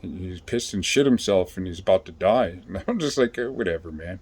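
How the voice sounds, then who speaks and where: A man with a fairly low voice tells a story in a loose, rambling way. He swears freely and keeps filling pauses with ums and you-knows. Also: lively intonation, darkish tone, slightly rough. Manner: rambling, profane, with many fillers. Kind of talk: casual storytelling.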